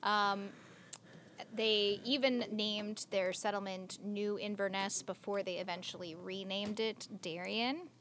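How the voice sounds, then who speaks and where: A woman's voice: medium pitch, fairly even intonation, takes it slowly, fairly bright tone, a little hiss or hum. A young woman co-hosting a podcast, chatty and giggly, telling a story with lots of filler words. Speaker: podcast co-host. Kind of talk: casual podcast chat.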